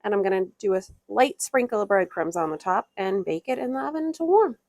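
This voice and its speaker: Woman, thirties, casual cooking vlog, home kitchen, chatty, relaxed, middling pitch. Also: fairly quick. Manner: chatty, relaxed, with laughs and fillers. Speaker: homestead cooking vlogger.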